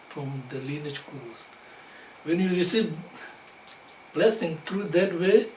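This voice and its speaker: Tibetan-speaking man teaching dharma from afar. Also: on the high side. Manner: halting, many fillers, chuckling asides. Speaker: Buddhist teacher. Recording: echoey room, distant mic, background noise.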